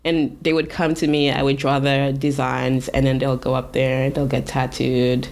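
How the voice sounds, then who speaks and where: A Canadian woman appears as a tattoo artist guest and tells her story in a relaxed, casual way, full of likes, ums and acted-out quotes. Her voice is bass-deep and her pace is moderate.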